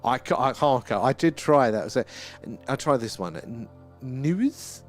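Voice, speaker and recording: A British man chatting his way through a live stream, easygoing and quick to laugh as he answers his viewers. His voice sits at an ordinary middle pitch, with faint music playing underneath. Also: lively intonation. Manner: chatty, reads out viewer comments, laughs often. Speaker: livestream host. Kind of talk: casual live-stream chat.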